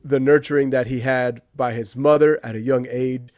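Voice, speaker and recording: A man's voice: mid-range voice, fairly even intonation, normal speed, a little mellow, no room sound, studio quality. A man co-hosting a casual movie review podcast, rambling with restarts and fillers. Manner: rambling, many restarts and "you know". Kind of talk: casual chat.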